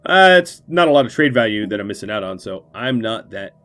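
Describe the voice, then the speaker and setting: Streaming a strategy game, this man talks fairly quickly in a fairly low, slightly bright voice with lively intonation. He offers casual, playful commentary in a gleefully mock-villainous style, with faint game music behind him.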